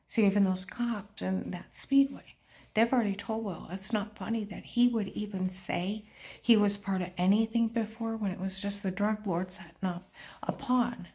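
A woman's voice: mid-range voice, fairly even intonation, moderate pace, dark tone. Woman in an urgent monologue, dropping to whispers. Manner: drops often into an unvoiced whisper. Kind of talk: rambling spoken monologue.

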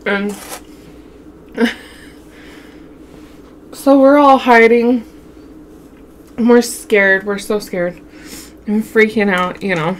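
Speaking very slowly with long pauses, this young Wyoming mukbang vlogger has a medium-pitched, steady voice. She's a chatty storyteller who addresses viewers as y'all and laughs often, and a faint hiss runs under the recording.

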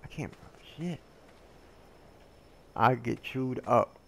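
A man's voice: medium pitch, slow, gravelly. A man giving casual, rambling commentary while playing a survival game, joking at his own expense and yelping when something attacks him. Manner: rambling, joking, easily sidetracked; excitable, yelps when attacked.

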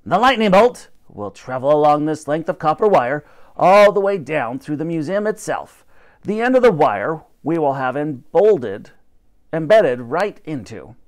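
A man's voice: fairly high pitch, sing-song, measured pace. A man voicing a grand, snappish old professor who commands and lectures. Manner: commanding, pompous, bursts of rising emphasis.

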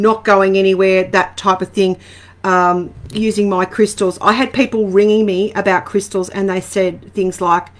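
Chatty Australian woman reading angel cards. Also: medium pitch. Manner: chatty and warm, greets viewers by name, rambling asides. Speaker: angel card reader. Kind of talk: casual live-stream card reading.

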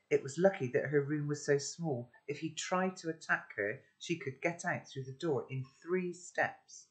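A man's voice: fairly high pitch, unhurried, few pauses. A man teaching children, recapping the story with friendly tag questions and then reading a chapter aloud.

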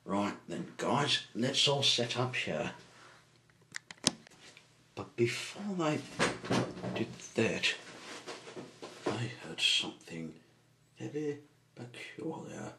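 A man narrating a homemade toy-train story in a halting way, with many fillers and repeated words. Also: mid-range voice, big pitch swings, creaky, roomy sound, background noise.

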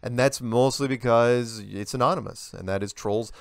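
An older man, a guest in a casual interview, telling stories in an animated way and acting out the voices he quotes. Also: medium pitch, moderate pace, creaky, dry recording.

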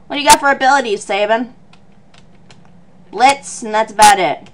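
Excitable woman yelling at her game. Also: on the high side, moderate pace, pauses often, background noise. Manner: reads game text in a mumbling aside. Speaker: let's play gamer. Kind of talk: excited gaming commentary.

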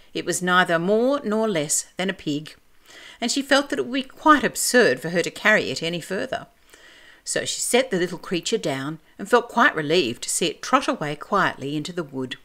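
Woman reading a storybook aloud, expressive. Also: on the low side. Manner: clear, measured, expressive reading. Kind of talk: reading a classic children's book aloud.

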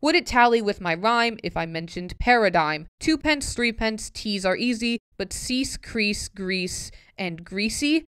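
A woman's voice: mid-range voice, expressive, a little slow, few pauses, fairly bright tone, clear, resonant tone, no room sound, studio quality. Puzzled woman reading a tricky poem. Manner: puzzled, self-mocking asides between tongue-twister words. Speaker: vlogger. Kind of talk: casual reading aloud with asides.

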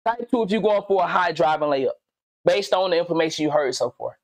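A man giving casual reaction commentary on a video, slangy and animated, rambling and swearing as he thinks aloud. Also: on the high side, fairly quick, dry recording.

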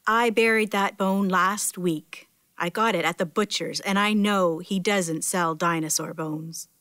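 A woman doing a blunt, gruff dog. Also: fairly low pitch, steady tone, a little slow, fairly bright tone, no echo. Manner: barking, blunt. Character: gruff male dog guarding his bone.

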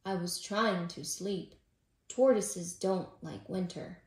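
A woman voicing a grumpy, sleepy male tortoise in a storybook reading, grumbling slowly and low. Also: sing-song, darkish tone, heavily acted. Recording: roomy echo.

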